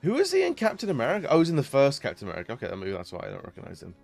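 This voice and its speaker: A man's voice: mid-range voice, wildly swooping pitch, very fast, creaky, a little mellow, faint music behind. A man chatting casually on a live stream while gaming, rambling with lots of fillers and frequent laughs.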